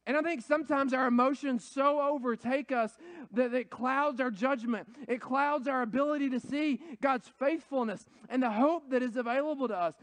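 A man's voice: very high-pitched, dry recording. A man preaching a sermon in an earnest, conversational way, building up to emphatic points. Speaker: pastor.

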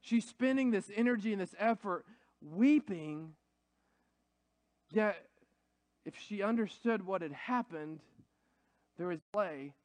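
A man's voice: high voice, expressive, slow pace, long pauses, dry recording. A man preaching a sermon in an earnest, conversational way, building up to emphatic points. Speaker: pastor.

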